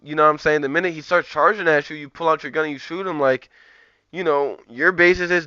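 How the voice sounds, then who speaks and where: A man's voice: fairly high pitch, quick pace, bright, forceful tone, smooth, dry recording, muffled recording. A man streaming live, ranting profanely and rambling in a heated, casual way. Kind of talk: live-stream commentary rant.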